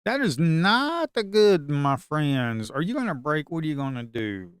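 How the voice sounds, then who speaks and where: Male trader streaming live, mutters, repeats himself, curses; smooth, close, dry sound. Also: fairly high pitch, big pitch swings, a little slow, no echo. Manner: talks to himself and viewers, repeats phrases, swears. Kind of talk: live trading commentary.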